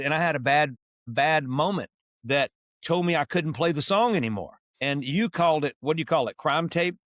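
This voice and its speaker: Clean studio sound with no echo captures this podcast co-host and musician in his sixties. Chatting casually in a voice on the high side, he tells stories with animation and performs the quoted dialogue.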